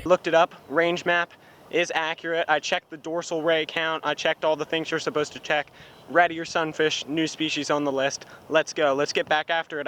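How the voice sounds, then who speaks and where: An excitable man narrating his own fishing trip outdoors, talking to viewers and cheering at every bite. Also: a little high. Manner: excitable, gasps and cheers at bites. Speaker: fishing vlogger. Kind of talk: excited outdoor vlog commentary. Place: outdoors by a pool of water.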